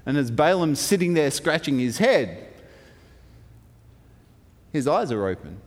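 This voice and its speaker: A man preaches through a Bible story, playful and animated, with humorous asides. His voice sits high and swings widely. A long reverb rings around him in a large hall. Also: measured pace, long pauses. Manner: lively, playful, with asides and chuckles.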